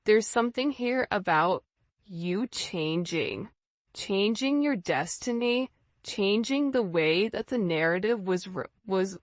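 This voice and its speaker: A woman's voice: mid-range voice, no echo, highs cut off. A woman giving a casual, intuitive tarot reading, repeating words for emphasis. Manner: intuitive, repetitive, casual phrasing. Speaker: tarot reader.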